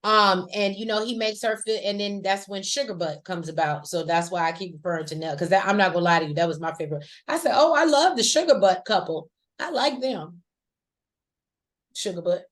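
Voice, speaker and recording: A woman co-hosting a casual recap chat, talking in a chatty, slangy way with lively asides. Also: on the low side, brisk. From rural American South. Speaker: podcast co-host.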